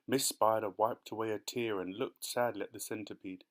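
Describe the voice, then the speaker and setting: A man narrating a children's storybook audiobook in an expressive, dramatic way. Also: lowish voice, normal speed, few pauses.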